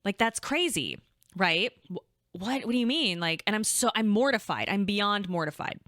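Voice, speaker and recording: A young adult woman co-hosting a podcast, telling a story in casual chat, animated and chatty, swearing freely and acting out quotes. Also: medium pitch, moderate pace, no echo, studio quality. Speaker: podcast co-host.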